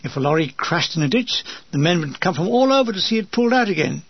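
Brief: high-ish, gravelly male memoir reader, dry close sound. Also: sing-song, fast, no room sound, highs cut off. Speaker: narrator. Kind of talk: reading a wartime memoir aloud.

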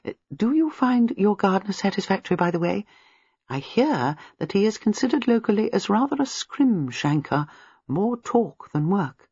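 A reader playing a chatty old spinster sleuth from a storybook, mild and observant, with a lilting, breathy voice. The sound is dry and slightly dull. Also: female voice, mid-range voice, big pitch swings, normal speed, no room sound, pitched above the performer's own voice. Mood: gossiping. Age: older. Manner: mild, chatty, quietly shrewd. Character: gentle gossiping elderly spinster sleuth. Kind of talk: audiobook character reading.

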